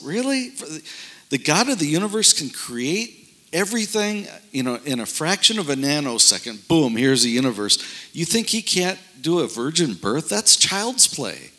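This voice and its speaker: A man's voice: a little high, sing-song, moderate pace, sharp tone. A man speaking earnestly in casual discussion about faith and miracles, telling a story with many fillers and restarts.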